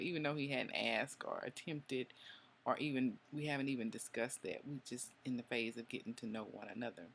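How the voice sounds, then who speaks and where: Gravelly-voiced woman telling a story. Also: rumbling low. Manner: chatty and confiding, drawn-out ums. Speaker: vlogger. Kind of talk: casual personal storytelling.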